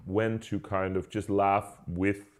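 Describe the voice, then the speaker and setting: A man's voice: on the low side, level tone, slow pace. A man co-hosting a podcast, chatting casually and telling stories loosely, laughing along. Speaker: podcast co-host. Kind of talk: casual chat.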